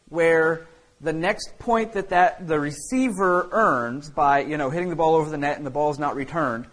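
A man's voice: a little high, fairly bright tone, rough recording. Rambling, conversational male pastor. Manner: conversational, many fillers and restarts. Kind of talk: sermon.

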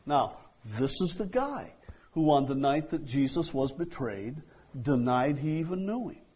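Slow, soft-toned male preacher. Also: a little high, sing-song, husky, low-quality recording. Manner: slow, deliberate preaching, acting out quoted dialogue, trailing off softly. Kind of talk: sermon.

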